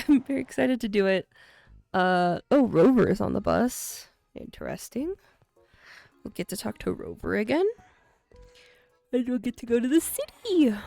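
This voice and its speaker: A woman streaming a video game, chatting casually and excitedly about what she sees, with frequent laughs. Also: a little high, vocal fry. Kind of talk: casual gameplay commentary.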